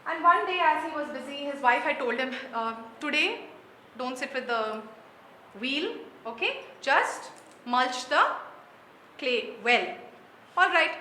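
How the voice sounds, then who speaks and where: Bright, high-voiced storyteller woman. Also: slight background noise. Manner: animated, asks the audience questions. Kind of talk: interactive storytelling for children. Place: performance room with an audience. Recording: roomy hall with light ambience.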